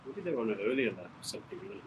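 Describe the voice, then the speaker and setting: A man joins over a call during a shared indoor bike ride and gives short, relaxed answers in casual chat. A faint noise runs under his voice. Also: mid-range voice, rapid-fire. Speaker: riding partner on a call.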